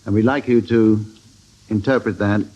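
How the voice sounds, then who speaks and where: A man's voice: on the low side, steady tone, normal speed, dull audio, very noisy. An English man chairing a comic radio panel game in a dry, hesitant, chuckling way. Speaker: quiz show chairman. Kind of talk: comic panel show hosting.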